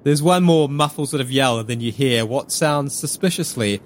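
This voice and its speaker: A man's voice: mid-range voice, normal speed, a little hiss or hum. A man narrating casually as game master in a tabletop role-play game.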